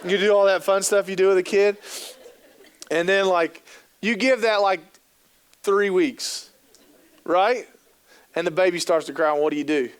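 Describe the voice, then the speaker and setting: A man's voice: sits high, measured pace, pauses often, smooth. Upbeat man telling jokey stories on stage. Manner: jokey, acts out quoted voices, lots of fillers. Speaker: keynote speaker on youth work. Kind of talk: humorous storytelling talk to an audience. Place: conference hall.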